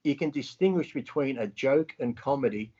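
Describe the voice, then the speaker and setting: A man co-hosting a podcast, talking bluntly with lots of swearing and animated retellings. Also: medium pitch, moderate pace, breathy edge, lo-fi sound. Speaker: podcast co-host. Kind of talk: casual chat.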